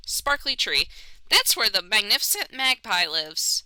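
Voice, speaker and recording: A woman's voice: mid-range voice, very animated, measured pace, pushed and bright, no echo, poor audio. A woman streamer giving playful, casual commentary on a game. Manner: playful, giggly asides.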